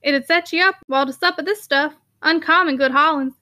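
A woman voicing a large, rough middle-aged constable with a broad Yorkshire dialect, talking slowly and homely. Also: high-pitched, bright, forceful tone.

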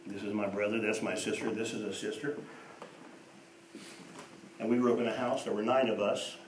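A man preaching a sermon, telling stories and moving between hushed and emphatic delivery. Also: lowish voice, fairly even intonation, normal speed, background noise. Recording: echoey room, voice from a distance.

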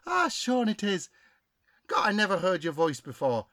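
A chatty old auntie spirit, voiced by a man, her talk rising and falling in lively sweeps. She is gossipy and exclaims at every bit of news, with a bright edge to her voice, in a comedy sketch. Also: sits high, moderate pace, no room sound, studio quality, exaggerated voice. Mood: chatty surprise.

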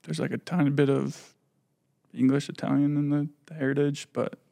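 A man's voice: fairly high pitch, level tone, normal speed, creaky, warm tone. A young man, a podcast guest and independent artist, chatting in a laid-back way and laughing easily. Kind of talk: casual chat.

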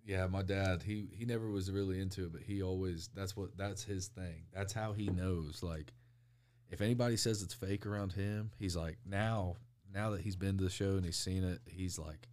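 A man's voice: low voice, steady tone, moderate pace, darkish tone. A young man, a pro wrestler guest, rambling through stories in casual interview chat and laughing often.

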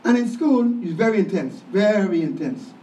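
High-voiced preacher in a roomy hall. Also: male voice, big pitch swings, normal speed, warm tone. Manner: emphatic, call-and-response with congregation. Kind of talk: sermon. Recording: roomy, distant, dull church sound.

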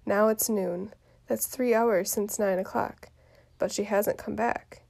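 A woman reading the part of an impatient lovesick teenage girl aloud from a play, quiet and soft with some words whispered. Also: mid-range voice, fairly even intonation, takes it slowly, gravelly. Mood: eager.

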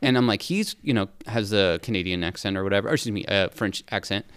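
Smooth-voiced man telling it animatedly. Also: fairly low pitch, fast, no room sound. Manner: animated storytelling, playful asides. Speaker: podcast co-host. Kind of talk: casual recap chat.

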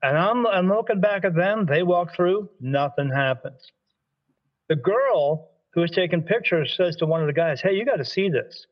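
A man's voice: high voice, normal speed, muffled recording. A man from Delaware telling a story in conversation, acting out the dialogue and often restarting his sentences. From Delaware, USA. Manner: animated storyteller, acts out quoted dialogue, frequent restarts. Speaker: spirit medium.

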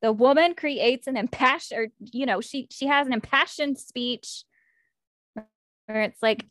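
A woman's voice: high-pitched, measured pace, a bit bright, no room sound. A woman co-hosting a casual book discussion, retelling scenes with emotional, gushing enthusiasm. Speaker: book podcast co-host.

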